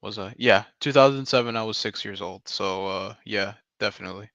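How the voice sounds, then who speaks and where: A man's voice: on the low side, brisk, a bit bright, dry recording. Young man rambling on a dull mic. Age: 20s. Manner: rambling slangy talk full of "like" and "bro". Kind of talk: casual chat on a live voice call.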